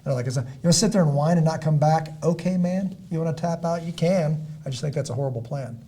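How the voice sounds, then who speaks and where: A middle-aged man, a former Navy SEAL hosting a podcast, talking in an emphatic, preachy and motivational way that rises to loud peaks and drops low, often clearing his throat. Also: fast.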